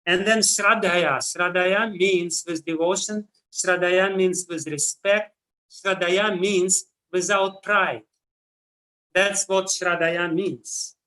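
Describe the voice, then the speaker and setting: A man with a Russian accent, giving a scripture lecture in a measured way, with frequent pauses and "uh"s. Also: high-pitched, fairly even intonation, sharp tone, poor audio. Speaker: spiritual teacher.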